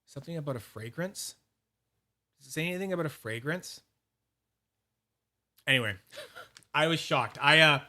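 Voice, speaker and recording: A man's voice: medium pitch, sharp tone. A man hosting a casual livestream, rambling and cursing while he demonstrates polishing and reads viewers' names from the chat. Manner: frequent restarts and fillers, quick asides. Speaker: fidget collector channel host.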